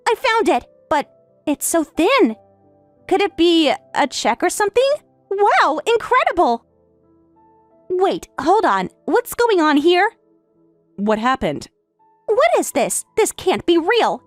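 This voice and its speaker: A woman voicing an entitled young daughter who is about to marry, speaking in a shrill, indignant way. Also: very animated, takes it slowly, long pauses, no room sound, soft background music, full character voice.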